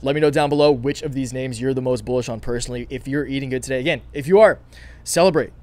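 A man's voice: mid-range voice, darkish tone. A man hosting his own stock market channel, talking casually and eagerly to viewers with a scratchy throat, full of fillers and restarts. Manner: fast, filler-heavy, enthusiastic talk with many restarts.

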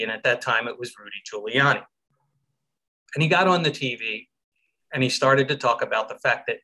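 A middle-aged man from Philadelphia, a survivor giving an earnest, reflective talk over a live stream, with soft laughs now and then. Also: mid-range voice. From Philadelphia, USA. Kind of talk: personal storytelling talk. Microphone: video call from home.

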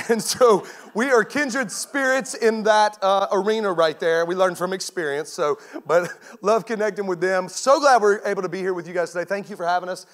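A man in his thirties, a guest pastor, preaching a sermon with lively storytelling and bursts of laughter. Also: high voice, normal speed.

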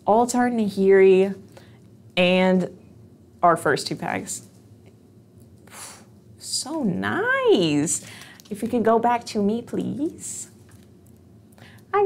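A woman's voice: medium pitch, vocal fry. A woman hosting a live stream, chatting straight to her viewers as she opens card packs.

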